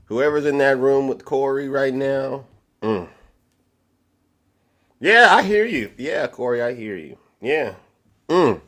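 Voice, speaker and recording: Animated, mocking male stream host. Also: mid-range voice, unhurried. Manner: teasing, theatrical, swings from loud to hushed. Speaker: livestream debate host.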